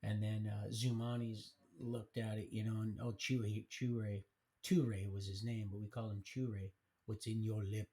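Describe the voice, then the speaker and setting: With a warm, fairly low voice, little pitch movement, and a slightly slow pace, a man shares his life story live on stream using a streaming mic. His telling is rambling and colloquial, broken by frequent restarts.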